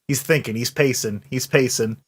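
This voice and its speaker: A man's voice: medium pitch, moderate pace, breathy edge. A man playing in a tabletop game, describing his character's actions while thinking aloud with many restarts. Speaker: player. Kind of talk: tabletop role-play chat.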